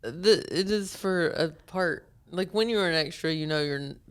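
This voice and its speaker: A woman's voice: on the low side, normal speed. A woman, a podcast co-host tossing out teasing quips with a laugh. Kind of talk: casual banter.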